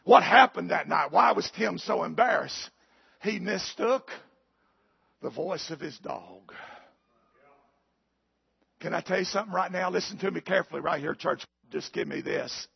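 A male preacher with a gravelly voice, telling a folksy story in a sermon that builds to shouted preaching, in a church. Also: high voice, expressive, moderate pace, pauses often, lo-fi sound.

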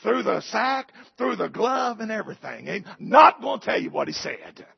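A male preacher with a gravelly voice, telling a folksy story in a sermon that builds to shouted preaching, in a church. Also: high voice, very animated, moderate pace, dull audio.

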